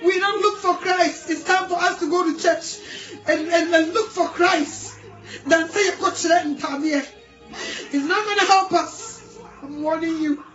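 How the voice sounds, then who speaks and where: A Ghanaian woman preaches through tears in a very high voice. She pleads and exhorts, drifting between English and Twi. The lo-fi recording sounds echoey, with faint music underneath. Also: unhurried, a bit bright. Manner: crying while pleading, mixes English and Twi. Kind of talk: tearful pleading sermon. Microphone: phone video.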